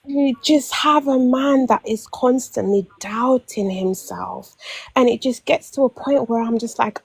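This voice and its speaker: A woman's voice: sits high, unhurried, creaky, breathy edge, no echo. A young woman telling a long personal story in casual chat, acting out quotes and often restarting. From London. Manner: animated storytelling, acts out quotes, many restarts. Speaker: panel caller.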